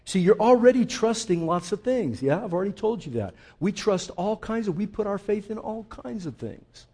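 A man's voice: sits high, lively intonation, normal speed, breathy edge. Man preaching a sermon. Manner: conversational preaching, addresses listeners as folks; shifts between quiet intensity and loud emphasis. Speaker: pastor.

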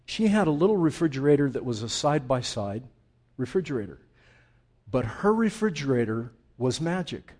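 A male pastor preaching a sermon, telling humorous family stories with lively, dramatic delivery. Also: mid-range voice. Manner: animated, humorous storytelling, dramatic slowdowns.

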